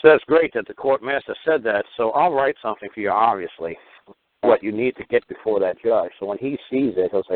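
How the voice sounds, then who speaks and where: A man's voice: lowish voice, fairly quick. A man hosting a radio talk show, telling long rambling stories and acting out what others said. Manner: rambling, animated storytelling with acted-out quotes. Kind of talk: casual call-in radio talk. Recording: tinny phone-line audio.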